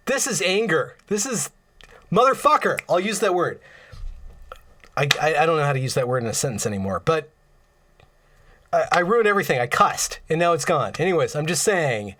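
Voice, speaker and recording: A man's voice: on the high side, a bit bright. A man hosting a casual livestream, rambling and getting impassioned, with frequent stammers and restarts. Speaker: livestream host.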